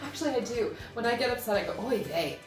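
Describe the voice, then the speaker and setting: A woman's voice: fairly high pitch, rapid-fire, distant mic. A woman co-hosting a casual beer-review chat, giggly and teasing. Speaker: co-host. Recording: roomy, off-mic, faint music.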